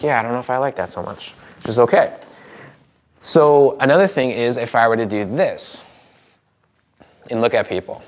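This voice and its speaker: A man teaching a live seminar as a trainer, energetic and demonstrative, speaking to a room of people with quick asides. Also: medium pitch. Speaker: NLP trainer.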